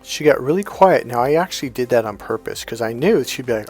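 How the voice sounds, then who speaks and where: A man's voice: mid-range voice, animated, fairly quick, a little mellow, soft background music. A man working as a dating coach, telling a story in a blunt, emphatic way and swearing casually. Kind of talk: storytelling monologue.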